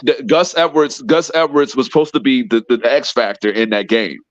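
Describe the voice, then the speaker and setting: A man's voice: mid-range voice, fairly even intonation, a little fast, no echo, highs cut off. A man hosting a heated sports podcast, teasing the others and talking over them in boisterous banter. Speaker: podcast host.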